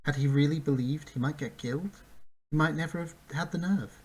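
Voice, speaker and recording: A man's voice: a little high, fairly quick, breathy edge, rough recording. Man reading a fantasy story aloud. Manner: reads with slips and restarts, occasional laughs. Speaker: narrator. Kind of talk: amateur audiobook reading.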